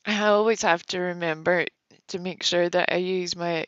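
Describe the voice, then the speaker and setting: A woman's voice: lowish voice, fairly even intonation, normal speed, smooth, no room sound. A woman hosting a casual livestream, rambling with fillers and frequent giggles. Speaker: livestream host. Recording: dull lo-fi stream audio, dry.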